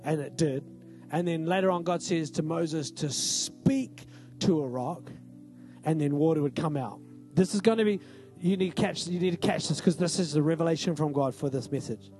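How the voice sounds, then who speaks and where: New man preaching, slightly high voice. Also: moderate pace, a little mellow, soft background music. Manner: conversational and emphatic, asks the crowd "right?". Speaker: pastor. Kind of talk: sermon.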